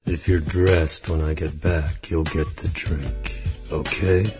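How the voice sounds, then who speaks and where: A man voicing a gruff hard-boiled tough guy who drawls slowly and menacingly. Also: very deep voice, fairly even intonation, over loud music, voice pushed down. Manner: slow, gravelly, menacing drawl.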